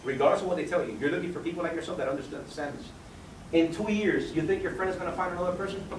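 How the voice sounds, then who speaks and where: A man giving a persuasive sales pitch at a meeting with guests, quizzing listeners by name with numbers and questions. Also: racing. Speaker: business opportunity presenter. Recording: echoey room, mic far off, faint background noise.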